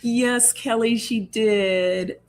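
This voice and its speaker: A woman with a slightly high yet darkish voice speaks very slowly and with fairly even intonation, a little hiss or hum behind her. She hosts an oracle card reading livestream, casually reading viewer comments, reassuring people, laughing often, and using many fillers.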